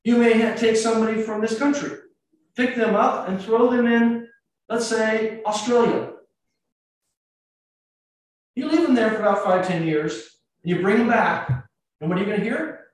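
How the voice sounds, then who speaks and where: A man's voice: high-pitched, normal speed, pauses often. A man with an American accent, a priest giving a conversational sermon full of anecdotes and rhetorical questions. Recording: echoey church, mic at a distance.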